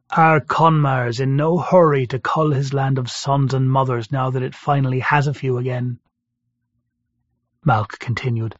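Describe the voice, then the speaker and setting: A man narrates a first-person story as an audiobook narrator, in a dry, conversational storytelling style. His mid-range voice is steady and unhurried. The recording is dry, dull, and lo-fi.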